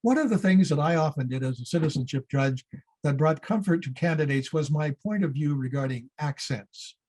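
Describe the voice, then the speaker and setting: Mellow husky man giving a civic address. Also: a little high. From Canada. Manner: measured, earnest civic address. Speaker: former citizenship judge giving an awards address. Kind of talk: prepared speech.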